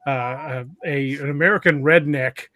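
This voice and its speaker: A man's voice: on the high side, steady tone, normal speed, sharp tone, dry recording, studio quality. A man hosting a podcast, chatting casually and chuckling as he remembers a friend. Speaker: podcast host.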